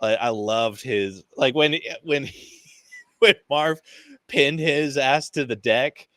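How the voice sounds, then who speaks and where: An excitable man in casual podcast talk about a film, with a mid-pitched voice recorded dry and close. He swears freely, laughs between thoughts and acts out scenes with little quoted voices. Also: slow pace, no room sound. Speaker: podcast co-host. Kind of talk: casual movie review chat.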